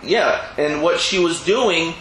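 A man's voice: on the high side, expressive, takes it slowly, fairly bright tone. A man teaching a Talmud class, telling the story with acted-out quoted dialogue and explaining Hebrew and Aramaic terms in plain English. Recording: roomy echo, faint ambient hum.

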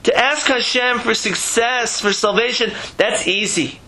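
A man plays a wise old Rebbe who gives firm, calm instruction at an unhurried pace. The voice stays high and bright. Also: heavily acted, poor audio.

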